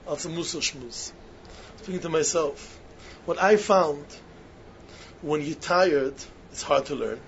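A man with giving a sermon-style talk to yeshiva students, emphatic and repetitive, swinging between loud stresses and hushed asides, on a muffled lo-fi recording. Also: on the high side. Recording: muffled lo-fi recording with faint hiss.

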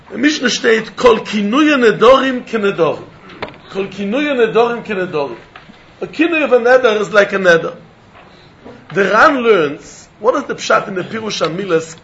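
A man's voice: high voice, gravelly, a bit bright, highs cut off, a little hiss or hum. A man teaching a Talmud lecture, repeating phrases and mixing in Hebrew and terms.

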